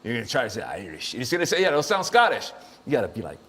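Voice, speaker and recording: A man's voice: mid-range voice, very animated, racing, a bit bright, a little hiss or hum. A man hosting a show, chatting casually and jokily, rambling and laughing often. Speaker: show host. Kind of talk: casual comedic chat.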